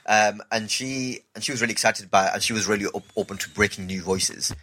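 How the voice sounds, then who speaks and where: A male comedian, chatting casually and telling a story with lively acted-out voices. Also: lowish voice, fast talker, a little hiss or hum. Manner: animated storytelling, acts out quoted voices. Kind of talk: casual podcast chat.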